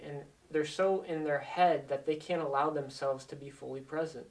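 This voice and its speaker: A man talks as a life coach, earnest and insistent, circling back to repeat his main points. His voice sits fairly high for a man. He sounds a little distant, as if set back from the microphone. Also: steady tone, moderate pace. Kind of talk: motivational talk to camera.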